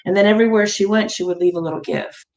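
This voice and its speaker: A woman's voice: medium pitch, fairly even intonation, fast talker, rough recording. A woman being interviewed, chatting and telling family stories with frequent laughter. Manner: warm storytelling, laughs often. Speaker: guest. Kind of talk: casual interview conversation.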